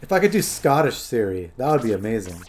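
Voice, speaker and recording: With a mid-range, darkish voice, big pitch swings and a fast pace, a man streams a game in casual live-stream fashion. He rambles chattily to his viewers, turning to chat and his phone.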